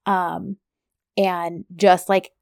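A woman's voice: on the low side, level tone, drawn-out words, gravelly, a little mellow, no room sound, clean studio sound. A woman co-hosting a podcast in casual chat, talking easily with many fillers. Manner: chatty, lots of fillers and "like". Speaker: podcast co-host.

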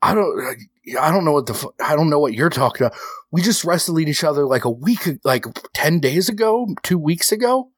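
A man's voice: on the high side, animated, fairly quick, breathy edge, no room sound, voice pushed up. A man voicing an angry, paranoid wrestler who swears, stammers and hurls accusations. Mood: accusing.

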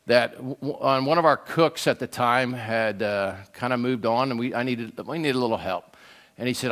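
An older man preaching a sermon in an animated storytelling way, often checking in with "right?". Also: mid-range voice, normal speed. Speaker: pastor.

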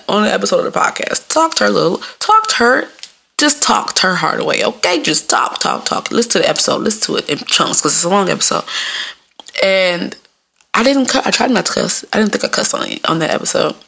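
A woman's voice: mid-range voice, creaky, bright, forceful tone. A young adult woman hosting a podcast in casual, profane talk, laughing often and mimicking people in quotes. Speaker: podcast host.

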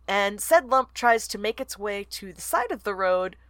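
A young American woman co-hosts a podcast, speaking at medium pitch and a moderate pace in an animated, fairly bright tone with no echo. It's a casual book-club chat where she talks enthusiastically about a book and reads passages aloud, giggling often.

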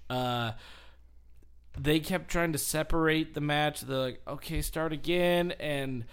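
A man hosting a casual podcast, telling a story in a rambling way with frequent laughs and swearing. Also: mid-range voice. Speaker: podcast host. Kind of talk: casual chat.

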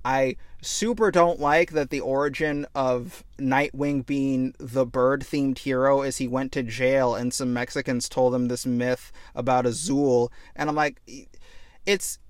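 A man hosting a podcast, ranting loudly and swearing a lot as he reviews a show. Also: medium pitch, fairly even intonation, unhurried, no echo. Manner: loud, exasperated, heavy swearing. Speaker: podcast host.

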